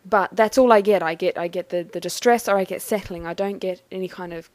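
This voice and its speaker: A woman talking through a personal experience in a thoughtful, halting, measured way. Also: fairly low pitch, steady tone, a little mellow, no echo. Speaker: vlogger. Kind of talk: personal reflective monologue.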